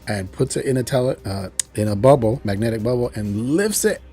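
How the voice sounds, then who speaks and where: A man excitedly recapping a TV episode in a rambling, chatty way, full of "like" and "you know". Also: mid-range voice, a little fast, faint music behind. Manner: enthusiastic, rambling storytelling with frequent "like" and "you know". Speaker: TV show reviewer.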